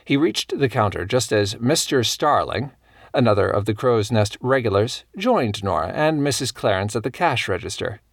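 A man with a low, gravelly voice reads fiction in a measured, steady storytelling manner. The sound is dry and close to the mic, with no room around it. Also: dry recording. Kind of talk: scripted audiobook narration.

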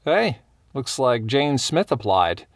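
A mild, easygoing young shop owner, read by a male narrator. The voice stays near an ordinary male pitch with a gravelly fry. It is recorded dry and close. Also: very animated, takes it slowly, no echo.

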